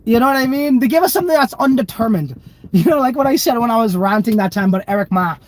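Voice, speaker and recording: A man's voice: extremely high pitch, lively intonation, fast talker. Livestream host, male: loose and profane, laughs a lot while riffing on the chat. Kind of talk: casual livestream chat reading viewer comments.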